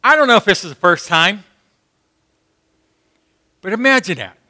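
A man preaching a sermon, impassioned and rising to shouts when he acts out prayers. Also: high voice, expressive, normal speed. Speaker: pastor.

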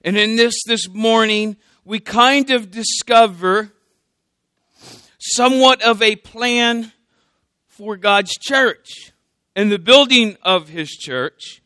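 A man's voice: high voice, slow, sharp tone, no echo. A man preaching a sermon as a candidate pastor, joking and conversational, often checking in with the congregation.

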